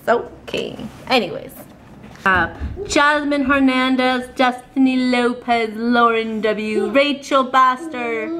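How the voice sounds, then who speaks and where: Young woman, casual vlog chat, bubbly and giggly, slightly high voice, handheld camera, noisy background hum. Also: a bit bright. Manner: bubbly, giggly, easily gushing. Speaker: vlogger. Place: at home, later in a car.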